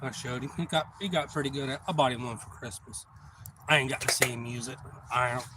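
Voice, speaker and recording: A man hosting a live stream, telling a story in a rambling, profane way with lots of fillers, and getting loud when the story turns exciting. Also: mid-range voice, fast talker. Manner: gets loud and excited when retelling action. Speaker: channel host. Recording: noisy background.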